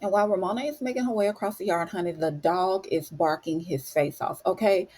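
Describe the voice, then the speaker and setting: A chatty woman with a fairly low voice recaps a story for her viewers in a loose, casual way. She keeps calling her listeners honey and y'all. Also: brisk, dark tone, breathy edge. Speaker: recap host.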